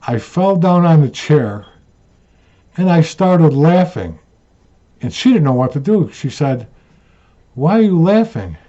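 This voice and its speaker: A man rants and tells stories in a slow, unhurried drawl, a little high for a man. He is blunt and repeats himself, and the recording sounds dull and lo-fi. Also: animated, mellow. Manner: blunt, repetitive, plain-spoken. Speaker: channel host. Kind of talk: ranting vlog storytelling.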